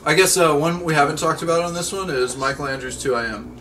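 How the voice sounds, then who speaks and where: A man's voice: a little high, fast talker, a bit bright, far from the mic, slight background noise. A man co-hosting a casual podcast, easygoing and asking the others questions. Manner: easygoing, asks the group questions. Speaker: podcast co-host. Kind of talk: casual chat.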